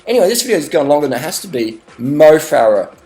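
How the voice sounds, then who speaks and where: An Australian man vlogging a rambling, deadpan sarcastic rant, swearing now and then. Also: on the high side, fast talker, soft background music.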